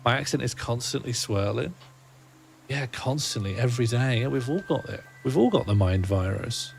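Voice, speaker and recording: A man's voice: medium pitch, expressive, moderate pace, vocal fry, slight background noise. A man, streaming a game and rambling wryly to himself and his chat. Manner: musing, rambling self-talk, wry. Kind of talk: casual gaming livestream chat.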